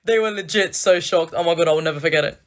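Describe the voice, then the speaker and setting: A woman telling a story to the camera, excitable and expressive. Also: lowish voice, fast talker.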